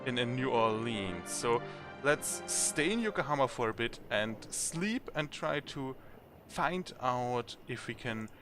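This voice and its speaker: A man's voice: medium pitch, expressive, takes it slowly, music in the background. A man commenting on a game as he plays it and reading its text aloud, chatty and thinking aloud. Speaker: let's play host.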